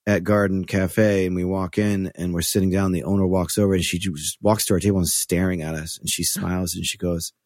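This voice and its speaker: A man's voice: sits low, a little fast, hardly any pauses, no room sound, clean studio sound. A man in his forties, a touring musician, chatting casually on a podcast and telling loose, profane stories, slipping into other people's voices when he quotes them. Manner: loose, profane, animated storyteller who slips into voices for quotes.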